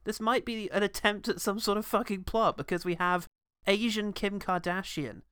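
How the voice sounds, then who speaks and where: A man, co-hosting a casual comedy film review, crude and quick to laugh. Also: high-pitched, smooth, dry recording, studio quality. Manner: lively, crude, laughs often. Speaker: podcast co-host.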